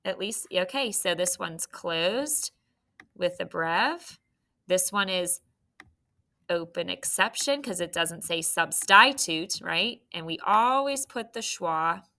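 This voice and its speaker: Slow, bright-voiced woman teaching phonics. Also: lowish voice, lively intonation. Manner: slow, encouraging, spells out letters. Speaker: third grade teacher. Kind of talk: phonics lesson to young students.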